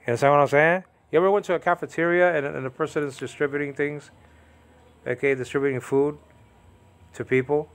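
A man's voice: on the high side, fairly even intonation, fairly quick. A man giving an informal Bible lesson on Greek words, rambling and often asking the listener if they understand. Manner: rambling, repeats questions to listener. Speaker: Bible teacher.

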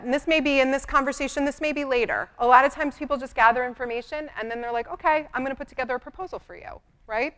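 A middle-aged woman attorney giving a lively, conversational conference talk, acting out bits of dialogue. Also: medium pitch. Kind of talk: conference presentation. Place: conference room.

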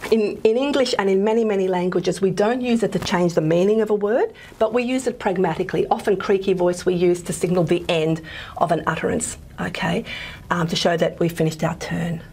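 A woman lecturer, possibly, explains a linguistics topic over a video call. Her voice is gravelly and a bit husky. She hedges and restarts often, filling pauses with "um.". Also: fairly low pitch, dark tone. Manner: hesitant, many fillers and restarts. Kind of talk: recorded lecture.

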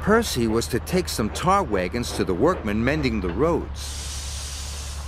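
A man narrating a children's story in a gentle, expressive storyteller manner. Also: mid-range voice, takes it slowly, background noise. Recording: narration over music score.

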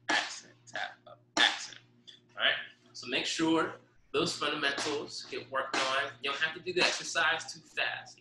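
A man's voice: medium pitch, bright, forceful tone, slight background noise. A male music teacher giving a drum lesson, counting aloud and explaining stick strokes. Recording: echoey room.

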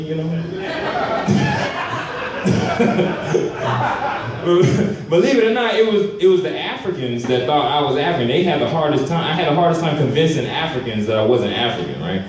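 A young man from Houston, Texas, performing an animated stand-up comedy set. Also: on the high side. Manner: animated, acts out characters in quotes. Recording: roomy club, distant mic, crowd.

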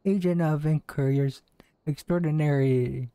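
A man's voice: on the high side, steady tone, measured pace, mellow, clear, resonant tone, dry recording. A man voicing an earnest, theatrical young woman detective's sidekick, reading game cutscene dialogue aloud with some stumbles.

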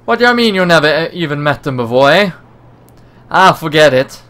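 A man's voice: on the high side, a little slow, sharp tone. A man voicing a brash young woman in a game, talking cocky and teasing with slangy words.

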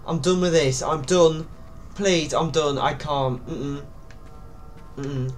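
A man's voice: a little high, steady tone, slow pace, soft background music. Jittery young man gaming. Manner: panicky, pleading, yelps and nervous laughs. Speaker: gaming YouTuber. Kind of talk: horror game commentary.

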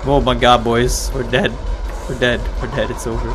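A man commentating his own gameplay, talking excitedly to the game and his audience and swearing freely. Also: mid-range voice, normal speed. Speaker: let's play gamer. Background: game music.

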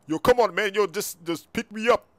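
A man's voice: sits high, normal speed, bright, forceful tone, no echo. A gaming YouTuber, a man chatting in a jumpy, panicky way full of "yo" while role-playing through gameplay. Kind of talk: excited role-play gameplay chat.

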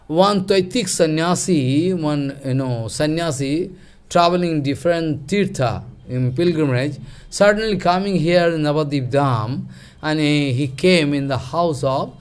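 A man, a spiritual teacher, giving a devotional storytelling lecture in animated, halting, broken English with many fillers. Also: fairly high pitch, smooth.

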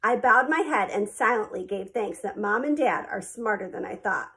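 A woman narrating a children's storybook in a clear, even storytelling manner. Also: medium pitch, normal speed. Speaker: audiobook reader.

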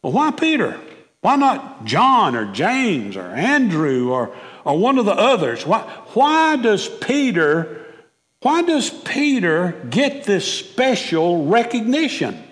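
Pastor, male, slow emphatic sermon delivery, slightly high voice, echoing sanctuary. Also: wildly swooping pitch, a bit bright. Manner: emphatic preacher, repeats words and asks questions. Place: church sanctuary. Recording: long reverb of a church sanctuary.

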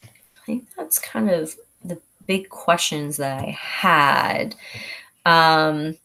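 A woman teacher giving a relaxed exam review, talking through events like a story and now and then acting out short quotes. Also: deep voice, drawn-out words, gravelly. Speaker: history teacher. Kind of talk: casual exam review lesson.

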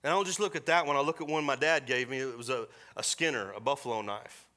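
A middle-aged man preaching a sermon in a church, folksy and storytelling, slipping into quick voiced asides. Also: mid-range voice, sharp tone. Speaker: pastor. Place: church sanctuary.

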